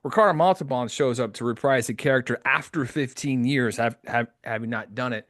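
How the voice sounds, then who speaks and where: A man hosting a casual podcast chat, excitable, laughing often and quoting lines. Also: mid-range voice, fairly quick, no echo, studio quality. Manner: excitable, laughs often, quotes the film in character. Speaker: podcast host.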